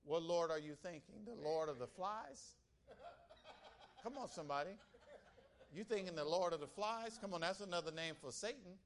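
A man's voice: sits high, moderate pace, long pauses. A male pastor preaching a sermon, telling stories with animation and calling out to the congregation. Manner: animated storytelling, calls out to the congregation.

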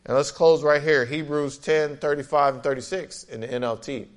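A man's voice: fairly high pitch, fairly even intonation, moderate pace. A man pastor preaching an emphatic sermon with frequent amens and scripture readings.

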